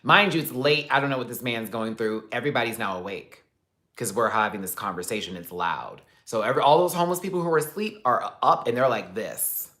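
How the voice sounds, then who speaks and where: A man hosting a relaxed livestream, telling a story in a lively, expressive way. He drops swear words freely and breaks off to thank his viewers by name. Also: mid-range voice, fairly quick. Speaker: livestream host.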